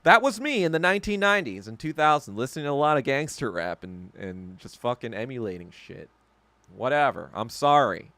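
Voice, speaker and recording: Podcast guy ranting n cussing, laughs a lot, bouncy pitch, dry close sound. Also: very animated, a little fast, sharp tone, no room sound. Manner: profane, ranting, laughs often. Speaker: podcast host. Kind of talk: casual livestream chat reacting to viewer comments.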